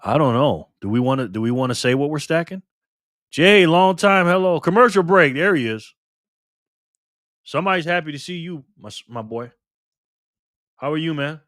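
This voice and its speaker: A man's voice: on the high side, lively intonation, normal speed, pauses often, a bit bright, no echo, clean studio sound. A man hosting a casual livestream, cheerfully greeting viewers by name one after another. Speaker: livestream host.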